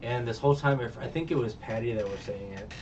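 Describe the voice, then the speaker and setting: A man's voice: medium pitch, fast, recorded from a distance. A man talks through a show recap in a loose, rambling way, stacking fillers and breaking into laughs. He sits away from a dull microphone, and faint noise hums behind him. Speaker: reviewer. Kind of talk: casual episode recap.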